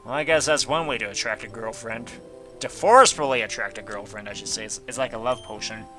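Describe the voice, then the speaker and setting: Bright-voiced joking let's-play guy. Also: medium pitch, fairly quick, soft background music. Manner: jokey, reads game text aloud with goofy asides. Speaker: let's player. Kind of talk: casual gameplay commentary.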